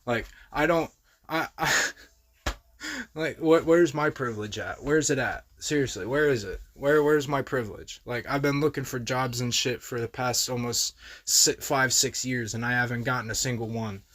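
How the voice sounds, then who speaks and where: A man's voice: medium pitch, moderate pace, a bit bright. A young man hosting a reaction video, talking in heated, profane, exasperated casual commentary.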